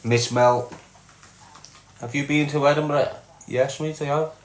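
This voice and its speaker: A man's voice: fairly high pitch, steady tone, measured pace, a little hiss or hum. Scouse man chatting to his viewers. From Liverpool. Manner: blunt, calls everyone lad and mate. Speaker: live stream host reading chat. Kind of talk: casual live chat.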